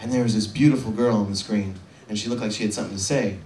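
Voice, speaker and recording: A man in his twenties doing a stand-up set, rambling and self-deprecating, often halting with fillers. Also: lowish voice, fairly even intonation, a little mellow, roomy sound, far from the mic, slight background noise. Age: 20s. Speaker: stand-up comedian.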